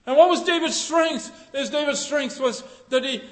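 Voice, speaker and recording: High-voiced male preacher in an echoing hall. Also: moderate pace. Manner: fervent, rising to loud emphatic passages. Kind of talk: sermon. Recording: echoey hall with long reverb.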